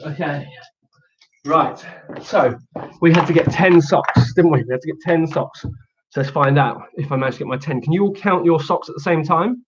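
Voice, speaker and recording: A man runs a children's exercise show, teasing his young audience and cheering them on before reading them a picture book. His voice sits a touch higher than most men's. The recording sounds somewhat dull and muffled. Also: moderate pace, heavy background noise. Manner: playful, teasing, encouraging, calls out to children at home. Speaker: children's activity presenter. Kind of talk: energetic kids' exercise show with storybook reading.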